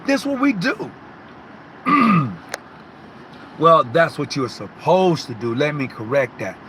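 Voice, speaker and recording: A man with a notably high voice talks to his lodge brothers in a loose, emphatic storytelling style. His tone is bright and forward. He repeats words as he builds his point and stops now and then to clear his throat. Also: sing-song, takes it slowly, long pauses, a little hiss or hum, low-quality recording. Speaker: Masonic lodge speaker. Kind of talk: informal motivational storytelling.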